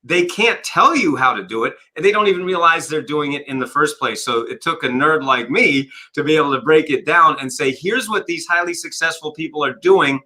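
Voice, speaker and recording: A man being interviewed as a success coach, telling lively stories and acting out the dialogue of his clients over a video call. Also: a little high, fairly quick, hardly any pauses, poor audio. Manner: energetic storyteller, acts out dialogue. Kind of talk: conversational interview.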